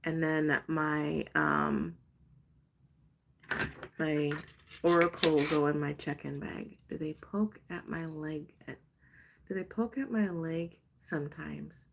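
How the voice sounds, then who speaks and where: Woman, live stream host, casual chat, bubbly, gushing, lowish voice. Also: steady tone, slow pace, vocal fry, background noise. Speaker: live stream host doing card readings.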